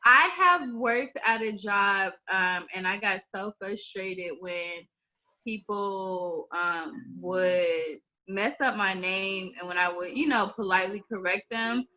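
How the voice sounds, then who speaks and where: A woman in casual podcast chat, talking in a thoughtful, earnest, measured way. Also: mid-range voice, pushed and bright, muffled recording.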